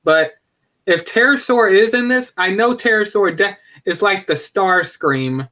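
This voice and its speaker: A man hosting a casual live stream, talking with rambling enthusiasm and frequent self-corrections. His voice sits high and bright. The sound is a little dull and lo-fi. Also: a little slow. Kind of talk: casual fan chat.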